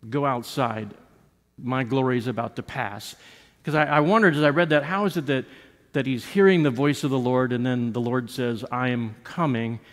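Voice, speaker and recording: Pastor preaching in a reverberant church. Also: male voice, medium pitch, steady tone, normal speed. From United States. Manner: conversational, with frequent restarts and repeated words; acts out quoted lines with rises and drops in voice. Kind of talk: sermon. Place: church sanctuary. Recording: long reverb of a church sanctuary.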